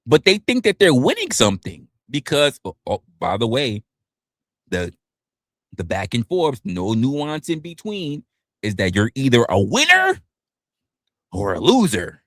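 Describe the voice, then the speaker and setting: A man's voice: medium pitch, huge pitch swings, a little slow, dry recording, clean studio sound. A man hosting a livestream, ranting casually and sarcastically and acting out other people's lines. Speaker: livestream host.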